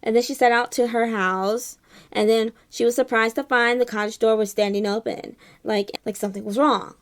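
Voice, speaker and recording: A woman's voice: fairly high pitch, fairly even intonation, moderate pace, lightly acted. A woman voicing a chatty elephant who reads a fairy tale aloud, full of "like" fillers. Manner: valley-girl "like" filler, chatty. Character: chatty excitable elephant, Dimple. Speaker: storyteller. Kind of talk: casual read-aloud storytime.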